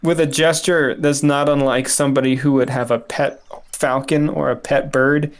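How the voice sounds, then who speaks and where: A male tabletop player with a gravelly voice describes his character's moves. He is playful and wordy, and his voice sits in a middle range. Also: medium pitch, level tone, normal speed.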